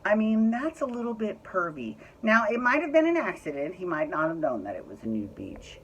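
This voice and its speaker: Woman, low voice, lively swinging pitch, chatty and opinionated, casual recap vlog. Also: brisk, husky, poor audio. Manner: chatty, opinionated, swears freely. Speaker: recap vlogger.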